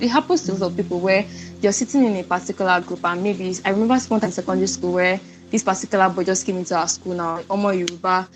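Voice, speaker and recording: A woman with a Nigerian accent hosting and moderating a book club discussion in a brisk, conversational way. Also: mid-range voice, low-quality recording.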